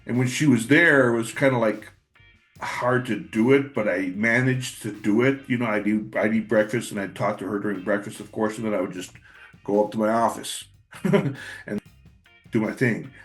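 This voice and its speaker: A man's voice: fairly low pitch, normal speed, soft background music. A middle-aged man in a casual personal monologue, blunt and profane, rambling with repeated words. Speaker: channel host.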